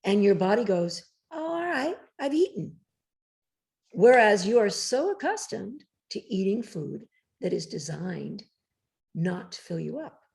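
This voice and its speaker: A woman author talking emphatically and directly in a casual interview, with a slightly rough morning voice. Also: mid-range voice, lively intonation, unhurried, a little mellow. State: morning voice, clearing throat. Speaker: cookbook author guest.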